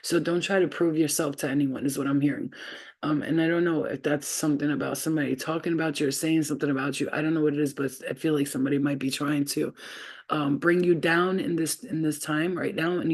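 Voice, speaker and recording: A woman's voice: low voice, fairly even intonation, brisk, a little mellow. A woman reads spiritual messages on a casual livestream. She rambles from thought to thought in a loose, unscripted way. Her talk is full of fillers and trailing asides. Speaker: spiritual reader.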